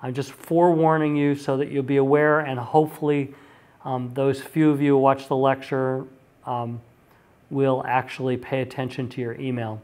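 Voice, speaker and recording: A man's voice: medium pitch, little pitch movement, moderate pace, a little mellow. A male university lecturer giving a recorded class talk in a chatty way, with frequent ums and restarted sentences.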